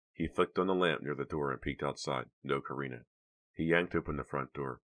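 A man narrating an audiobook in steady, measured scripted narration. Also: extremely low pitch.

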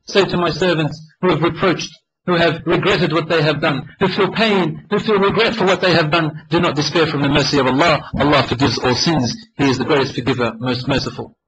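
A man's voice: fairly high pitch, a little fast, background noise. A male preacher telling a dramatic story in a sermon, emotional and acting out the voices. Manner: emotional, dramatic retelling with acted quotes.

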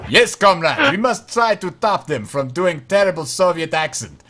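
A panicky Soviet rifleman pleading with his sergeant, pitched way up above a normal speaking voice, as a man hams it up. The put-on Russian accent is broad and overdone, like a joke during a board game session. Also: animated, normal speed, bright, forceful tone, slight background noise. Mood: mock solemn. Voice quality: exaggerated, hammy.

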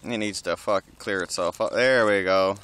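A man casually filming outdoors, talking excitedly to birds and swearing often. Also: deep voice, normal speed, smooth. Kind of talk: casual vlog narration.

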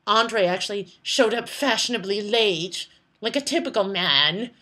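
A woman chatting casually to her vlog audience, swearing a lot as she tells animated stories. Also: medium pitch, unhurried. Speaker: vlogger. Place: indoors at night.

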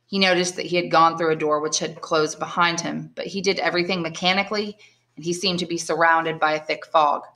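A woman, an English teacher, reading a classic novel aloud in clear, measured narration. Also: low voice, steady tone, sharp tone. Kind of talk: audiobook reading.

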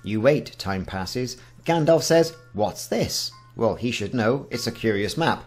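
A man's voice: mid-range voice, animated, a little slow, darkish tone, faint music behind. A man in his forties hosting a casual game walkthrough, reading the game's text aloud with wry asides. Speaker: gaming channel host.

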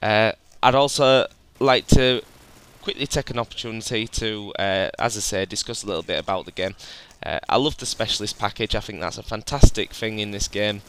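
A man's voice: on the low side, moderate pace, hardly any pauses, a bit bright, slight background noise. A man, a gaming channel host chatting casually over gameplay footage, rambling a little and often addressing viewers as "guys.".

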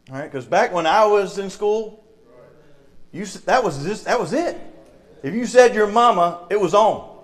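A middle-aged preacher with a Southern US accent delivers his sermon in a church, his voice sitting a little high for a man. He tells stories from his own childhood and acts out the people in them. His talk moves easily between storytelling and teaching. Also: unhurried, long pauses. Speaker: lay preacher. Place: church sanctuary.

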